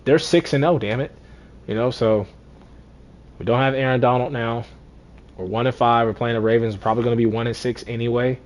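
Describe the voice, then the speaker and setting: A man casually commentating his own football video game run, talking to himself, repeating lines and swinging between deflated and excited. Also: medium pitch, a little fast, long pauses, a little hiss or hum. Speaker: gaming streamer.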